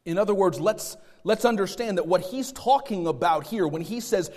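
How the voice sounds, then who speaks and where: A man preaching a sermon, swinging between loud stressed phrases and quiet asides. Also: sits high, normal speed, few pauses, long reverb tail. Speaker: pastor.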